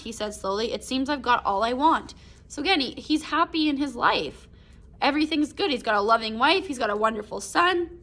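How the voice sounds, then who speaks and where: A young woman English teacher, her voice a little high, expressive, and a bit bright, walks a class through a short story at a moderate pace. The recorded lesson is casual and chatty, her explanations full of "like" and "right?".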